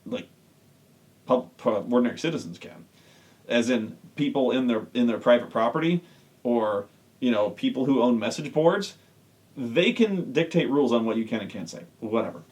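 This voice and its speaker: A man's voice: medium pitch, expressive, moderate pace, a little mellow. Sarcastic man ranting about wrestling. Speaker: online wrestling reviewer. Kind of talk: casual ranting commentary.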